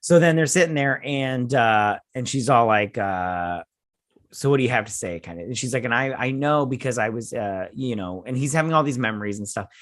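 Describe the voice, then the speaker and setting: A man hosting a casual recap and review of a show's finale, rambling and excitable, often acting out what the characters say. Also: mid-range voice, a little fast, no echo, studio quality. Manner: rambling, excitable, with frequent restarts and acted-out quotes. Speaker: host.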